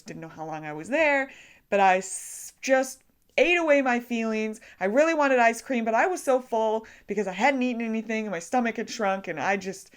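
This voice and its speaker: A young woman vlogger telling a story about her day in a casual, animated way, laughing at herself often. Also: mid-range voice. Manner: animated, self-deprecating storytelling with frequent laughs.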